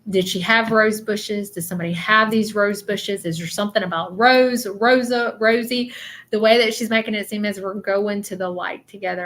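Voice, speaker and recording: A woman hosting a casual live stream, talking softly and haltingly with many fillers as she gives readings to viewers. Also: mid-range voice, steady tone. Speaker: psychic medium livestreamer.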